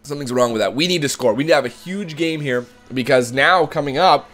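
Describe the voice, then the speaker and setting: A man hosting let's-play commentary of a hockey video game, excitable, who swears and shouts at the game. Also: mid-range voice, fairly quick, soft background music. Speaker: gaming channel host.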